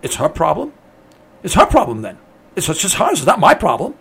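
Hosting a radio talk show, a man delivers an indignant, ranting monologue packed with opinions, repetition, and rhetorical questions. His fairly high, gravelly voice swoops wildly in pitch, sounding fairly bright and slightly rough as he talks fairly quickly.

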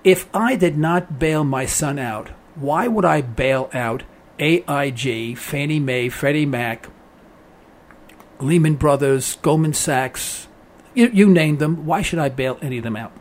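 A man with a notably high-pitched voice hosts a call-in radio show. He is middle-aged and tells his stories in a folksy, emphatic manner, acting out what others said. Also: unhurried. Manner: storytelling, folksy and emphatic, acts out quotes. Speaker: radio talk show host. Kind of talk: call-in talk radio monologue.

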